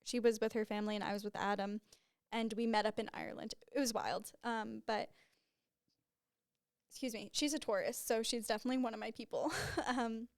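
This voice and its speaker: A woman's voice: fairly high pitch, fairly even intonation, brisk, no echo, studio quality. A young woman hosting her own podcast, talking candidly and casually, full of "like" fillers. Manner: chatty and candid, with frequent "like" fillers and laughs. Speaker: podcast host. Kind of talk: casual solo podcast monologue.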